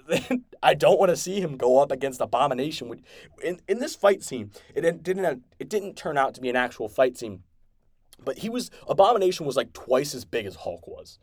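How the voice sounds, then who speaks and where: A man hosting a podcast, excitedly recapping and reviewing an episode in a rambling, casual way with many restarts. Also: a little high, moderate pace, no room sound, clean studio sound. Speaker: podcast host.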